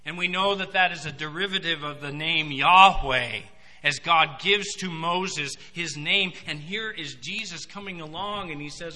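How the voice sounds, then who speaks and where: Bright-voiced preacher in a reverberant hall. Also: male voice, a little high, a little slow. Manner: emphatic, swings between loud and soft. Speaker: pastor. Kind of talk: sermon.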